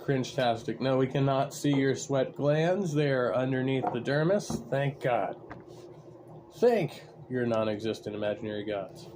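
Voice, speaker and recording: A man's voice: mid-range voice, unhurried, noisy background. A man hosting a stream, talking casually in a sarcastic, mocking way, rambling with many fillers. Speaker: stream host. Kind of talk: casual commentary over a livestream.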